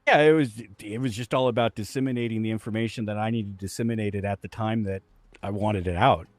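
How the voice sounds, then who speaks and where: A man's voice: fairly low pitch, steady tone, brisk, no echo. A middle-aged man talking casually as an interview guest, blunt and profane, laughing easily.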